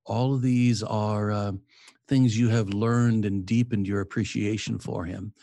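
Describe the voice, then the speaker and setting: A man's voice: lowish voice, steady tone, measured pace, gravelly, warm tone, no echo. A man hosting an interview, speaking in an affirming, reflective way to his guest. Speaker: podcast host. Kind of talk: interview conversation. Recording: dry close sound.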